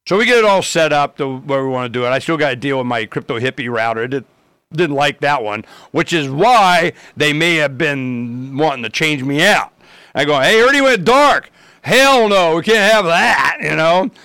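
A man's voice: medium pitch, moderate pace, fairly bright tone, smooth, dry recording. A man rambling through a casual story, acting out both sides of the conversations in his own voice.

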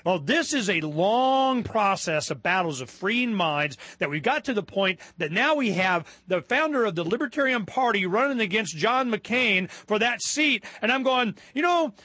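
A man hosting a casual political talk radio show, animated and rambling. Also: sits high, normal speed, hardly any pauses, no room sound.

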